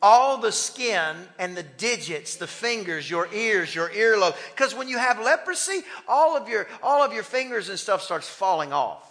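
Bright, impassioned male preacher in echoing church. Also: high voice, big pitch swings, normal speed, few pauses. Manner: impassioned, calls on the congregation to respond. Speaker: pastor. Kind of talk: sermon. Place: church sanctuary. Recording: long hall reverb in a church.

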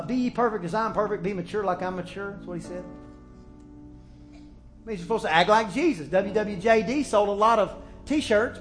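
Middle-aged male pastor, high bright voice, preaching with shouted peaks, music behind. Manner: preaching with sudden shouted peaks and storytelling asides. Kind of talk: sermon. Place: church.

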